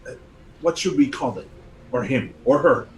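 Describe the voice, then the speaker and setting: A man's voice: medium pitch, animated, normal speed, a little hiss or hum, rough recording. A man playing a tabletop game, joking around casually and swearing freely. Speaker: player.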